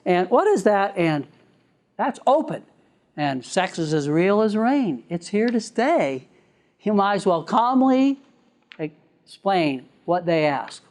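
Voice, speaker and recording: A man giving a live lecture to a class, chatty and quick to laugh, acting out little examples as he goes. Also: high-pitched, very animated, a little mellow.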